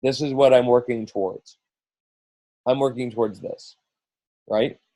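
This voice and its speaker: Middle-aged male coach on a team call. Dark, mellow tone on a dry close mic. Casual and rambling, with lots of restarts. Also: medium pitch, fairly even intonation, a little slow, dry recording, low-quality recording. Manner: rambling, full of restarts and quoted asides.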